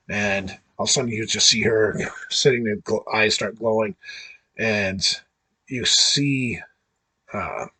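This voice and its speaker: A man's voice: on the low side, a bit bright, breathy edge. A man hosting a show, recapping an episode in a rambling, casual way with many fillers. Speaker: host.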